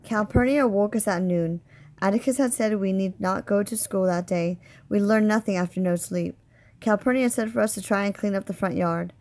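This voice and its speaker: A woman's voice: mid-range voice, moderate pace, a little mellow. Woman teacher reading a novel aloud.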